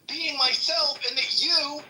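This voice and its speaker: A man's voice: very high-pitched, fairly even intonation, measured pace, bright, forceful tone, low-quality recording. A middle-aged man in a heated argument on an audio chat app, furious and profane, ranting over a phone mic. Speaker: chat room participant.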